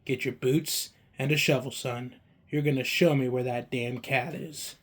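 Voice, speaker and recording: Guy reading as a stern sheriff dad, clipped and hard, fairly high voice. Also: a little slow, lightly acted. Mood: cold. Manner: clipped and hard, flaring into yelling. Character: stern, quick-tempered small-town sheriff father.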